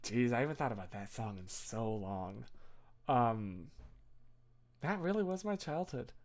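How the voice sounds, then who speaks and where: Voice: medium pitch, lively intonation, a little slow, slight background noise. A streamer in their thirties chatting casually on a live stream, reading chat and rambling with many fillers and restarts.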